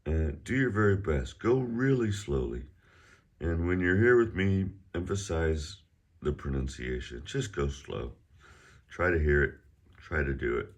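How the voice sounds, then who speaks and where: A man's voice: very deep voice, animated, unhurried. A middle-aged man teaching a casual online Chinese lesson at home, chatty and prone to rambling asides. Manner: sings out exaggerated tones in pronunciation drills.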